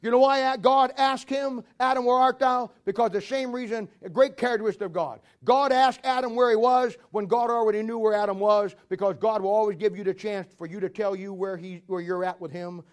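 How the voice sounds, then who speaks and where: A man preaching a lively, joking sermon in a very high voice. He tells stories in a folksy way, breaks into chuckles at his own jokes and acts out the voices of the people in them. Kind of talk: humorous sermon.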